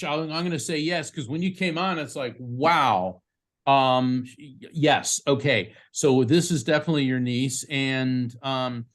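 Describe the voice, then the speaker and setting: A man working as a psychic medium, giving a live reading to a participant over a video call in a quick, conversational way, often restarting his sentences. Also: mid-range voice. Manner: fast, restarting, conversational delivery.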